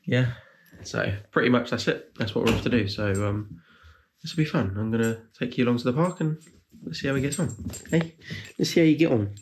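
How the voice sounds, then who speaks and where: A man's voice: mid-range voice, a little fast, slight background noise. A young man vlogging about his new puppy, switching between coaxing sing-song praise and rambling explanations full of ums. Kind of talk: casual vlog chat.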